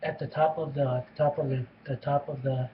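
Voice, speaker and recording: A man's voice: mid-range voice, little pitch movement, moderate pace, highs cut off, background noise. A man retelling a movie's plot in a casual, rambling way, with constant restarts and repeated phrases. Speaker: movie reviewer.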